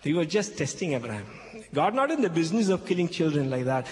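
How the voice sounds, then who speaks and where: A fast-talking Christian speaker with a slightly high voice and big pitch swings retells a Bible story to an audience in broken English. He repeats key phrases and keeps checking in with "okay?", and the hall is echoey with faint background noise.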